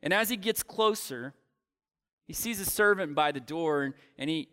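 A man preaching a sermon, retelling a Bible story with dramatic pauses and voiced lines for the characters. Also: fairly high pitch, lively intonation, sharp tone.

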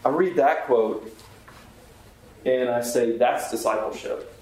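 A man's voice: medium pitch, takes it slowly, a little mellow. A man, a chaplain, teaching a Bible class in an earnest, conversational way and putting questions to the group. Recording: very echoey room, faint background hiss.

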